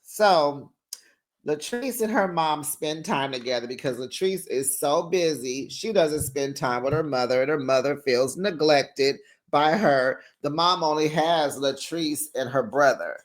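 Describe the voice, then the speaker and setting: A man's voice: a little high, a little slow. A man hosting a casual reality TV recap, sassy and playful, laughing often and acting out quotes in exaggerated voices.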